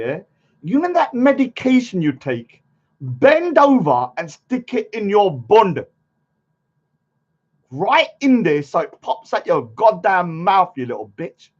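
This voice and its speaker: A man's voice: high-pitched, breathy edge, highs cut off. A man ranting heatedly on a live stream, swearing and asking yeah after many lines. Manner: heated, swearing, keeps saying yeah and let me say something.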